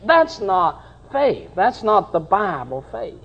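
A middle-aged man preaching a sermon with passion, dropping at times to soft, tender passages. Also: high voice, very animated, slow pace, gravelly, breathy edge, muffled recording.

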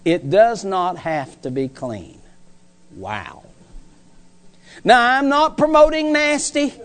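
A man's voice: high-pitched, animated, takes it slowly, fairly bright tone. A male preacher delivering a sermon in an emphatic, folksy way, repeating phrases for stress.

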